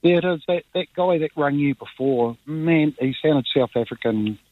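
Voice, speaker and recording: A man's voice: a little high, normal speed, no echo. A man with a New Zealand accent calling in to a radio show, talking in an easygoing, rambling way and repeating words. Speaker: caller. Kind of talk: phone-in radio call. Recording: tinny phone line.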